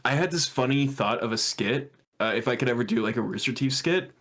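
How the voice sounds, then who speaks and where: A man's voice: medium pitch, brisk, a bit bright. A man co-hosting a podcast in casual chat, cursing freely and riffing on jokes. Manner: profane, laughing, riffing on jokes. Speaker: podcast co-host.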